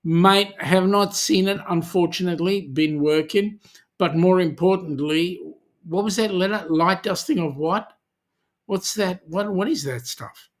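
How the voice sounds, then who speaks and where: A man's voice: sits high, unhurried. An Australian man hosting a charity channel livestream in a casual, chatty way, reading viewer comments aloud and answering them.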